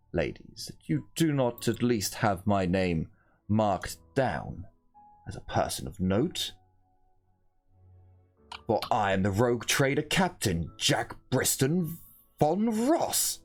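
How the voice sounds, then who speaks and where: A man voicing a pompous, aristocratic male starship captain who speaks in a haughty, theatrical way, with soft music underneath. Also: fairly low pitch, sing-song, heavily acted. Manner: haughty, theatrical, drawn-out speech.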